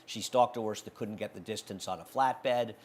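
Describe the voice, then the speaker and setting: A fairly low-pitched man hosting a horse racing show. He talks through his betting picks in a blunt, animated way, sure of his opinions. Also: moderate pace, a little hiss or hum. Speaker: racing handicapping show host. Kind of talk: casual betting analysis chat.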